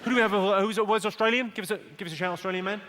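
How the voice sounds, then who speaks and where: A man with a southern English accent doing stand-up in a large theatre, trading dry, deadpan one-liners and teasing the crowd. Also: high voice, racing. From England. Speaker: stand-up comedian. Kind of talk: stand-up comedy with crowd work.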